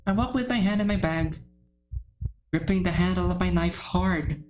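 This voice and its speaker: A woman's voice: on the low side, moderate pace, a little mellow, muffled recording. A woman hosting a let's play, reading a visual novel's text aloud and breaking off with shocked, emotional reactions and gasps. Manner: emotional, gasping and swearing in shock between read passages.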